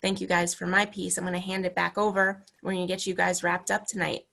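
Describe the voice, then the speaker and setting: A woman's voice: fairly low pitch, level tone, a little fast, creaky, sharp tone. A woman presenting an online parenting talk over a video call, conversational and full of "you know" fillers. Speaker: webinar presenter.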